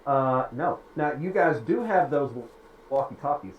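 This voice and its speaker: A man's voice: medium pitch, expressive, a little slow, reverberant, lo-fi sound, a little hiss or hum. A man running a tabletop game as game master, narrating with frequent hesitations. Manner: hesitant, filler-heavy narration.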